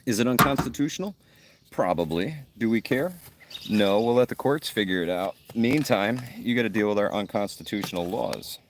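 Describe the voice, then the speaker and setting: A deep-voiced man hosts a casual livestream from a campsite, answering viewer comments. He talks gruffly and bluntly, with plenty of joking. Faint outdoor noise and birdsong sit behind his voice. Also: animated, normal speed. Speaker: livestream host.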